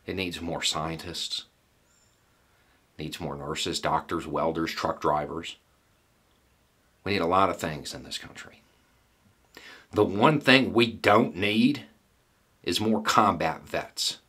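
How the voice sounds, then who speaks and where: A middle-aged man delivers a solo commentary in a deep, husky voice. He talks bluntly and folksily, pausing deliberately and pressing his point with rhetorical questions. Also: pushed and bright. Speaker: political commentator.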